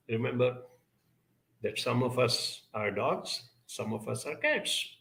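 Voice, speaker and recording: A man speaking at a conference, earnest and advising, pausing often with hesitations as he answers audience questions. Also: mid-range voice, expressive, creaky, a bit bright, reverberant, low-quality recording.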